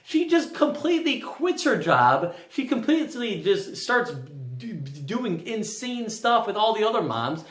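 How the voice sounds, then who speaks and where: A young man talks through a movie review in a loose, rambling way. He stumbles over repeated restarts and leans on filler words. His voice sits a little high, and the room around him sounds echoey. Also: big pitch swings, measured pace, few pauses, a bit bright. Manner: rambling, stammers with restarts, frequent "like". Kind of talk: casual spoken film review.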